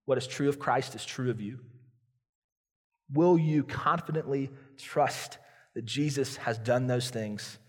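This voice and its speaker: A man's voice: mid-range voice, unhurried, husky. A man preaching a sermon as a pastor, earnest and confessional, acting out the inner prayers of his listeners. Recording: long hall reverb.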